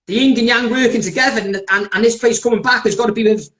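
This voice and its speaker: A man's voice: very high voice, fairly even intonation, fast, fairly bright tone. A man hosting a live podcast, blunt, sweary and rambling. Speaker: podcast host. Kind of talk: heated live-stream chat. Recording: roomy echoey live stream.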